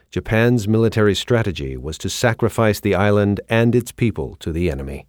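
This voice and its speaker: Male documentary narrator, very low pitch, solemn measured delivery, dry close recording. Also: a little mellow, dry recording.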